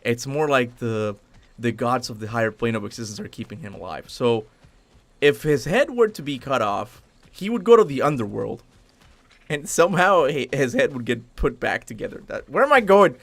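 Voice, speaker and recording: Lively gravelly-voiced gaming streamer, a man. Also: mid-range voice, moderate pace. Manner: rambling, self-correcting, laughs often. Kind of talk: casual live commentary over gameplay.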